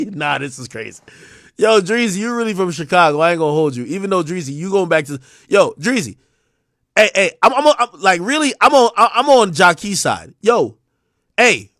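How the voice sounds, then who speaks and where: Male streamer, young adult, high and very animated, rambling profane rants, dry mic. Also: no echo. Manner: animated, swings from mumbling to shouting. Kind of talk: live-stream commentary.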